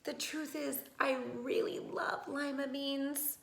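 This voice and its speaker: A woman's voice: high-pitched, flat delivery, slow pace, creaky, a bit bright, reverberant, full character voice. A woman doing a stubborn sick little girl. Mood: pleading.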